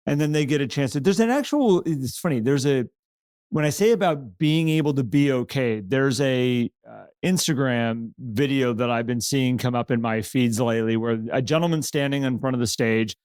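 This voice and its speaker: A man's voice: medium pitch, normal speed, a little mellow, clear, resonant tone, no room sound, studio quality. A man co-hosting a podcast, telling stories in casual conversation, animating the quotes he retells and restarting his sentences often. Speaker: podcast co-host.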